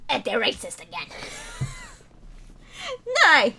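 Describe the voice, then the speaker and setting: A woman's voice: on the high side, lively intonation, very slow, vocal fry, long pauses, pushed and bright, slight background noise. Sarcastic cursing woman streamer. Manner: sarcastic, swears freely, laughs often. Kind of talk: casual gameplay commentary. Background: background music.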